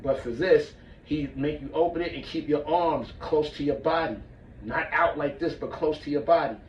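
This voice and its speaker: A man's voice: a little high, normal speed, reverberant, a little hiss or hum. Man, martial arts instructor, casual demo talk, muffled and far from the mic. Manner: casual, demonstrates as he talks, checks in with "all right?". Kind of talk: demonstrating breathing technique.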